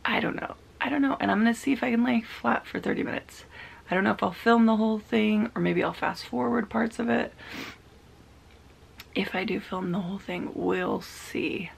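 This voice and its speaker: A woman in her thirties recording a personal video diary, talking in a soft, halting, confiding way that often drops to a half-whisper. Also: mid-range voice, gravelly, husky. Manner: emotional, confiding. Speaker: vlogger.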